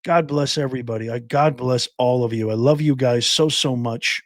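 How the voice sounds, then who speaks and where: A man's voice: mid-range voice, moderate pace, hardly any pauses, no room sound. An older man hosting a livestream, thanking viewers by name in an earnest, emotional way and getting choked up. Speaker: livestream host. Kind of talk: casual livestream sign-off.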